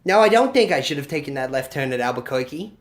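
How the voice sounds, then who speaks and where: A man's voice: mid-range voice, animated, quick pace, lightly acted. A man playing an evasive, whiny movie mogul in a comedy sketch, stammering and full of self-pity. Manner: stammering, self-pitying, breaks into wailing. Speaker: guest.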